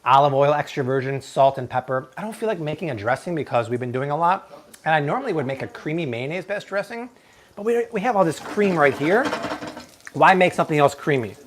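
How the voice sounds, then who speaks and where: Hosting a live cooking show from his home kitchen, this man speaks fairly quickly in a slightly high, expressive voice, gushing excitedly about the dishes. There's a bit of background noise.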